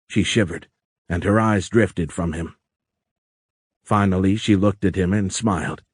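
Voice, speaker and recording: A man narrating a science fiction audiobook in a measured, even way, on a close microphone. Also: deep voice, breathy edge, no room sound. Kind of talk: scripted narration.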